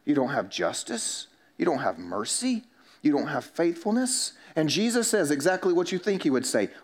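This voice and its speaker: A man's voice: on the high side, sing-song, normal speed. A male pastor preaching a sermon in a conversational way, joking with the congregation and acting out little everyday dialogues.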